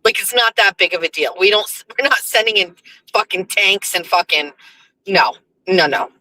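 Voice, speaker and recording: A woman hosting her own show, delivering a profane, ranting monologue that swings from low muttering to high indignation. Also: normal speed, bright, forceful tone, low-quality recording. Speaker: host. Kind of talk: casual monologue on a livestream show.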